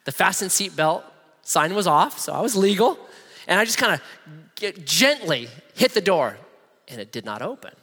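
A middle-aged man preaches with animated, humorous storytelling. His voice sits high and swings widely in pitch. A long hall reverb trails his words. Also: moderate pace. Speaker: pastor. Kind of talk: sermon with personal storytelling.

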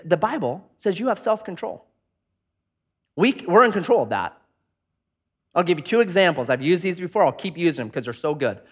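A man's voice: high voice, fairly bright tone. A man preaching a sermon in a conversational way, asking many rhetorical questions and acting out angry inner voices. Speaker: pastor.

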